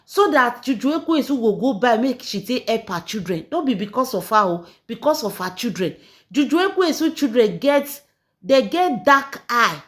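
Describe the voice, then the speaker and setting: Lively Nigerian woman dishing celebrity gossip. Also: fairly high pitch, roomy sound. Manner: chatty, mocking, mixes Pidgin and English. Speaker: gossip channel host.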